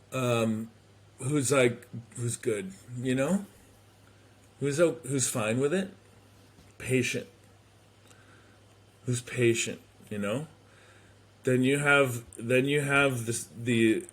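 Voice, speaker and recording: A man hosting a podcast, telling a comedic story in a casual, animated way, swearing and slipping into quick impressions of people. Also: medium pitch. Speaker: podcast host. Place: home.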